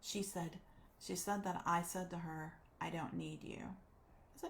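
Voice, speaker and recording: A woman life coach telling a personal story, animated and acting out the voices she quotes. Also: lowish voice, unhurried, a little hiss or hum.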